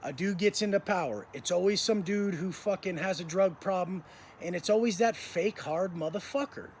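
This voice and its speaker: A man's voice: high-pitched, moderate pace, a little hiss or hum. A man telling a story in a blunt, intense monologue, swearing heavily as a motivational speaker.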